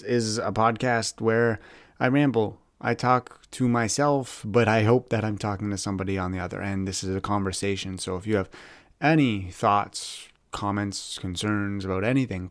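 A man's voice: lowish voice, fairly even intonation, moderate pace, no room sound, studio quality. A young man hosting a solo podcast, rambling candidly and often repeating words as he searches for what to say. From Canada. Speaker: podcast host.

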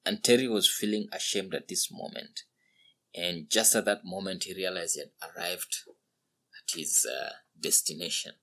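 A man narrating a story in an earnest, unhurried way. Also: low-pitched, steady tone, sharp tone.

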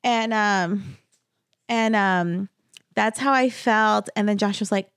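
Soft-spoken woman in her thirties, casual. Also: medium pitch, slow pace, clear, resonant tone, no echo, clean studio sound. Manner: relaxed, soft-spoken, many ums. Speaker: podcast co-host. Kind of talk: casual chat.

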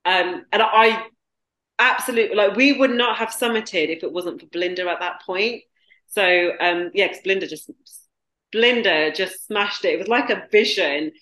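A woman guest from the UK telling a story haltingly, with many restarts. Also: mid-range voice, fairly bright tone. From United Kingdom. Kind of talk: candid storytelling. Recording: roomy echo.

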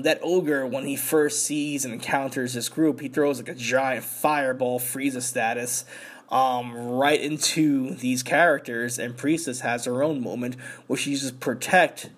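A man on a podcast, excitedly recapping an anime episode in slangy, profane casual talk with lots of filler words. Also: medium pitch. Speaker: podcast host.

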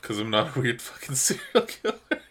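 A man co-hosting a podcast in casual chat, excitable, laughing and swearing often. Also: mid-range voice, normal speed, slight background noise. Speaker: podcast co-host.

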